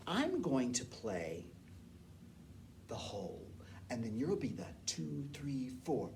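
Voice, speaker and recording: A woman's voice: rumbling low, big pitch swings, slow, a little mellow, slight background noise. A woman music teacher leading a eurhythmics class, encouraging her students and chanting counts and syllables. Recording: distant mic with piano playing.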